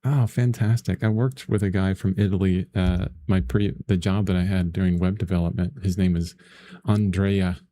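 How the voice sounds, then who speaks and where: A middle-aged man talks viewers through a painting demo in an easygoing, rambling way, laughing often between his thoughts. His voice sits low and sounds mellow and warm. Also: steady tone, normal speed. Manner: rambling and chatty, laughs often, lots of fillers. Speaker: painting instructor. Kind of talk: casual livestream painting lesson, chatting with viewers.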